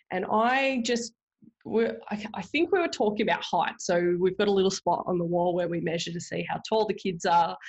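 A woman in her thirties hosts a podcast and tells a personal story in a loose, conversational way. She rambles, fills pauses with ums and corrects herself as she goes. Her voice sits in an ordinary middle pitch. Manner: chatty and rambling, with frequent um, self-corrections and light laughter. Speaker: podcast host. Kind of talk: casual storytelling monologue.

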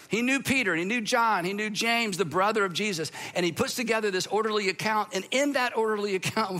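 Middle-aged male pastor, sermon delivery, high and bright, chatty and animated. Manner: conversational, animated, acts out quoted voices.

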